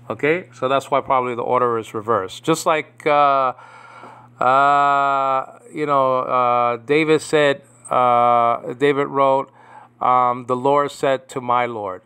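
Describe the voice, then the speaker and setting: A man from New York teaching a casual Greek Bible lesson at home, rambling and slowly repeating Greek words. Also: mid-range voice, fairly even intonation, bright, forceful tone, clear, resonant tone.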